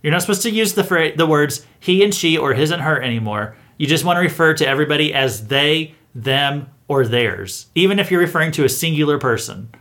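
Male commentary host, higher-pitched, sarcastic and incredulous, reads items aloud and mocks them. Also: lively intonation, brisk, hardly any pauses, fairly bright tone. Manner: sarcastic, incredulous, chuckling asides. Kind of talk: opinion commentary reading out a list.

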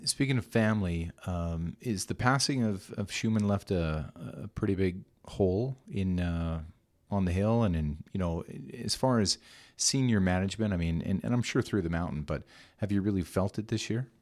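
A man's voice: low voice, normal speed, a little mellow. A man hosting a podcast, asking questions and telling stories in a loose, rambling way. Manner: rambling storyteller, loose and conversational. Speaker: podcast host. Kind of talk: casual interview talk.

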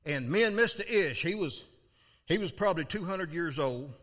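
An older man preaching, telling a folksy story from his own life, with sudden loud outbursts. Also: a little high, expressive, normal speed. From South Florida. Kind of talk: storytelling sermon.

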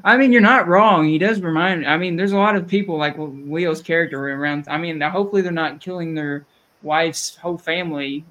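A man's voice: a little high, steady tone, a little fast, a bit bright, muffled recording. A man with a Southern US accent hosting a podcast, rambling and chatty, often restarting his sentences. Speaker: podcast host. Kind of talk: casual chat.

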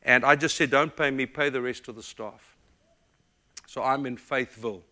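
A middle-aged man from the United States, a pastor, telling personal stories in a sermon with emotional, animated delivery. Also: medium pitch, moderate pace. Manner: emotional, animated storytelling with quoted voices. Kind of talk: storytelling sermon.

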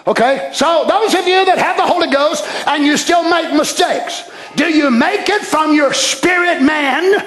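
A man preaching a fervent evening sermon in church, shouting passages and then dropping to quiet asides. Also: very high voice, measured pace. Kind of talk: impassioned sermon. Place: church sanctuary. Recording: echoey church hall.

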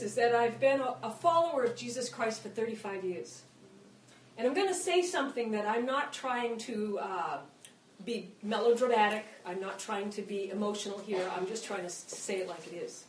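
A woman's voice: on the high side, expressive, normal speed, a little hiss or hum. A middle-aged woman preaching a conversational, impassioned sermon in a church hall, acting out quoted prayers as she goes. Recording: echoey room, mic at a distance.

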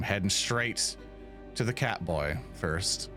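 A man running a tabletop role-play game as game master, narrating the scene with lively detail and mouth sound effects. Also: low voice, slow, over music.

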